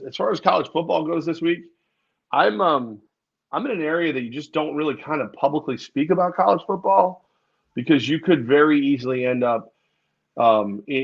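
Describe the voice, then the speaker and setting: A man's voice: mid-range voice, highs cut off. A male co-host from New York State chatting casually about sports, rambling and hesitant, laughing often. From New York State, outside the city.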